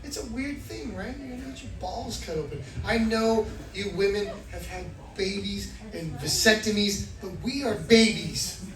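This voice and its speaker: A man doing stand-up, telling a self-mocking story with animated energy. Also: high voice, normal speed, hardly any pauses, recorded from a distance. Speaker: stand-up comedian. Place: comedy club, indoors. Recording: roomy club from afar, loud crowd. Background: audience laughter.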